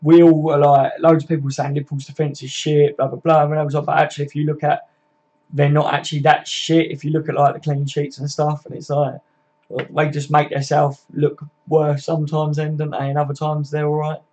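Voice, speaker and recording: A man's voice: fairly high pitch, completely flat delivery, brisk, a little mellow. A man hosting a casual live football chat, reading and answering viewer comments by name, swearing freely and laughing often. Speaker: livestream host.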